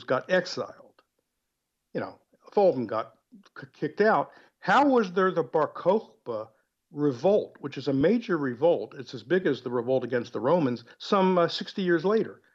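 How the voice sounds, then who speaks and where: Animated man, muffled lo-fi sound. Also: on the high side. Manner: animated, digressive storyteller. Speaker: guest author. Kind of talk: conversational interview. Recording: muffled lo-fi audio.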